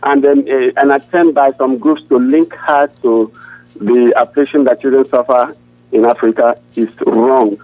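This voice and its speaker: A man, a pastor, answering interview questions in an earnest, halting way with frequent restarts. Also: mid-range voice, steady tone, no echo. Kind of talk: answering questions over a phone line. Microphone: phone. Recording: tinny dry phone line.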